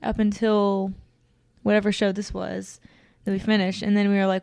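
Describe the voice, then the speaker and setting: A woman co-hosting a casual podcast, her voice a little hoarse and lower than usual after losing it recently. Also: flat delivery, normal speed, a little mellow, dry recording. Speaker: podcast co-host; dog obedience trainer. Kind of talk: casual chat.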